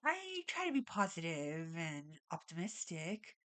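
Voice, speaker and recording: A woman's voice: on the low side, big pitch swings, measured pace, fairly bright tone. A woman vlogging casually at home, rambling and saying "like" a lot, with a stuffy nose and audible breathing. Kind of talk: casual talk to camera. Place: at home, alone.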